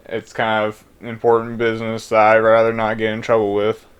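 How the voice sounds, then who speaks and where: Smooth-voiced young man narrating gameplay. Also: fairly low pitch, completely flat delivery, normal speed, highs cut off. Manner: rambling, reads game text aloud; loose, with frequent restarts and fillers. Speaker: let's play gamer. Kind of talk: casual gameplay commentary.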